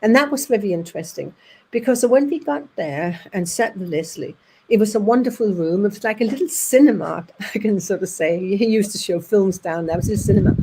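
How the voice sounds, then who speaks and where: Danish-accented woman telling lively anecdotes. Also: mid-range voice, breathy edge, poor audio. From Denmark. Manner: lively, acts out voices in her anecdotes, with halting restarts. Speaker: speaker at an audience evening. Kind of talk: anecdotal storytelling to an audience.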